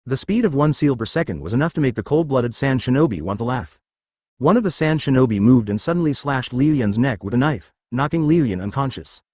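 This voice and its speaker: Lively male narrator voice, dry sound. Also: medium pitch, fairly quick, dry recording. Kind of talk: scripted narration.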